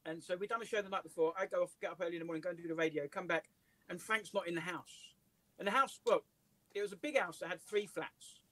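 English male comedian, high voice, animated storyteller, dry recording. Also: fast, no echo. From England. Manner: lively, laughs through his stories. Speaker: comedian and writer, guest. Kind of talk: casual anecdotal storytelling. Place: office.

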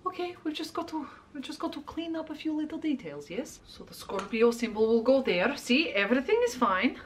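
Young female vlogger, bright and high-pitched, animated delivery, jokey and dramatic. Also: a little fast, a little hiss or hum. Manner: playful, theatrical, self-narrating in third person. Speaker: makeup vlogger. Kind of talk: chatty makeup tutorial.

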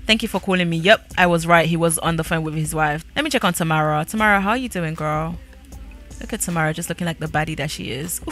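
A woman narrating her game in a sassy, gossipy, chatty way. Her voice is bright and forceful, sitting slightly low. Faint music plays behind her. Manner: chatty, sassy and nosy, with frequent laughs. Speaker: gaming creator. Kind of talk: casual gameplay commentary.

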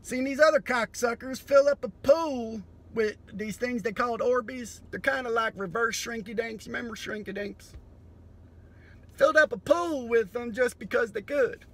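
A man doing a profane, sardonic comedy monologue that breaks into sudden loud bursts. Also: very high voice, moderate pace.

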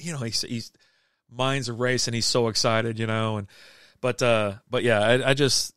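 A man's voice: mid-range voice, fairly even intonation, normal speed, a bit bright, smooth, no room sound, studio quality. Laid-back man rambling on a livestream. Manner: rambling, laid-back, lots of fillers and restarts. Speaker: livestream beer show host. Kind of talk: casual chat reading live comments.

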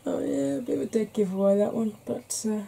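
A Welsh woman chatting frankly in a soft-spoken ASMR vlog, rambling with fillers. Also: on the high side, normal speed, creaky, slightly rough. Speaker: ASMR vlogger.

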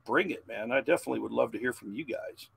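A man in his forties, a podcast guest, telling a long profane story in a loud, animated way. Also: mid-range voice, fast talker, creaky, breathy edge.

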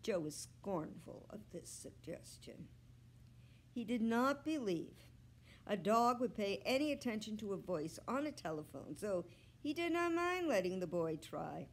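Slow, expressive woman reading a storybook. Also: medium pitch. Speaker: children's librarian. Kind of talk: reading a children's book aloud.

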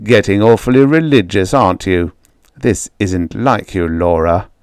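A cold, dismissive husband talks down in a clipped, condescending tone, a little lower than the reader's own voice, as a male audiobook reader puts him on. The reading is close and dry, with a slow pace. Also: darkish tone, clean tone, no echo. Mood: scornful.

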